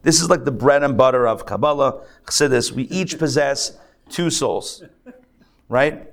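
A man's voice: mid-range voice, measured pace. A man, a rabbi, giving a conversational, joking lecture to a live class, thinking aloud and restarting his sentences. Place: synagogue class.

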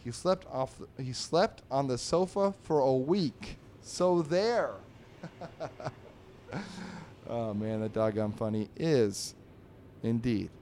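A man hosting a comedy podcast, reading newspaper comic strips aloud. He talks in an animated, jokey way, often laughs, and jumps up high for the characters' lines. A faint hum of background noise sits under his voice. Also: slow, long pauses.

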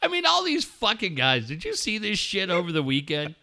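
A man hosting a sports talk radio show, ranting loudly and bluntly with lots of swearing and mocking asides. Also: high-pitched, wildly swooping pitch, a little fast, gravelly. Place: radio studio.

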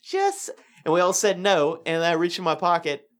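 Rambling man telling stories with lively pitch. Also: moderate pace. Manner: laughs often, rambling with many restarts. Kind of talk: casual storytelling chat.

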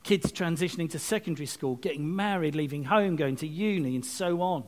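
A man giving a lively, chatty sermon with asides and self-mocking jokes. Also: a little high, brisk. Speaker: preacher. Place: church service, streamed online.

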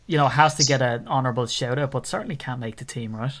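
Relaxed Irish man chatting. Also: mid-range voice, fast. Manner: relaxed, rambling, joking. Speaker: podcast co-host. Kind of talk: casual sports chat.

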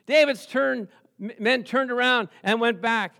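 A man preaching a sermon, telling the story with lively rhetorical questions and chuckles. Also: very high-pitched, a little slow, vocal fry. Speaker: pastor.

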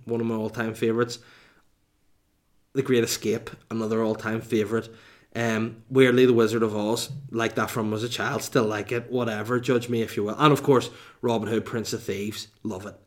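Middle-aged guy doing a live q&a, crude cheeky banter, quick asides, medium voice. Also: mid-range voice. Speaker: comedian hosting a live Q&A stream. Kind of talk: casual live chat reading viewer questions.

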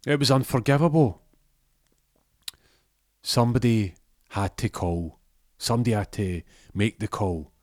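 A man's voice: lowish voice, expressive, measured pace, long pauses, no room sound, studio quality. A man voicing a smug, scheming male gangster who taunts his rival. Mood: gloating. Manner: gloating, taunting.

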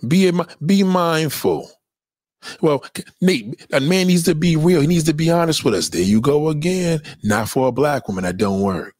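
A man's voice: a little high, expressive, fairly quick, a little mellow, dry recording, clean studio sound. A man delivering a blunt, profane, opinionated monologue in a lecturing tone.

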